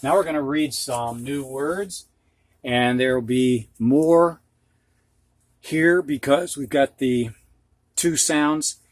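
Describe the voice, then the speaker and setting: A man's voice: medium pitch, takes it slowly, long pauses, no room sound. A middle-aged man with a Midwestern accent teaching a phonics lesson, patient and repeating each word twice. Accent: Midwestern US (Ohio, Michigan). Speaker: reading teacher.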